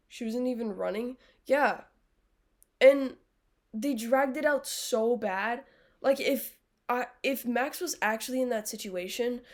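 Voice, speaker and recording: A young adult woman live-streaming, chatting casually with viewers in a blunt, sarcastic way, swearing freely. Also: fairly high pitch. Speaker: livestreamer.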